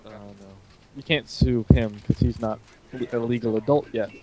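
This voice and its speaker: A man with a hoarse throat co-hosting a casual chat between friends, joking, teasing and rambling. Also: medium pitch, normal speed, a little mellow, low-quality recording. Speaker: podcast co-host.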